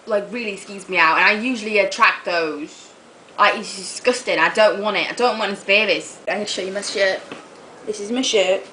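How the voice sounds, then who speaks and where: A young woman ranting to her camera in a casual vlog, chatty and animated, swearing as she tells stories. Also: medium pitch, moderate pace, a little hiss or hum, low-quality recording. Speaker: vlogger.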